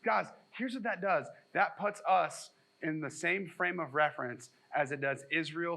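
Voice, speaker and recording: A man's voice: on the high side, creaky, pushed and bright, low-quality recording. A man preaching a sermon at a church as pastor, conversational and joking, acting out quotes in mock voices.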